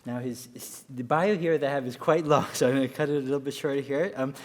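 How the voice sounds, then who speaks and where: A man's voice: mid-range voice, fairly even intonation, quick pace. A man moderating a conference panel, introducing the next speaker in an upbeat way with many fillers. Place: large conference room. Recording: long reverb of a hall.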